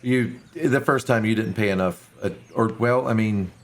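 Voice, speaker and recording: A man's voice: lowish voice, normal speed. A man narrating a tabletop game as game master, loose and self-mocking, with many fillers.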